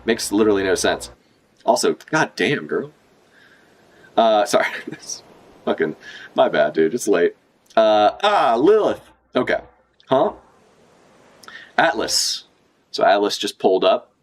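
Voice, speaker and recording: A man streaming a casual manga read-along, reacting with profane, excitable asides and rambling commentary. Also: on the low side, slow, pauses often.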